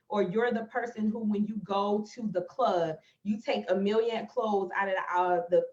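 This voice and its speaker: A woman's voice: mid-range voice, a little mellow. A woman on a live stream, speaking emotionally and telling a personal story directly to her viewers as a motivational speaker. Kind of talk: livestream talk on manifestation. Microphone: phone or webcam live stream. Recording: echoey, slightly dull live-stream audio.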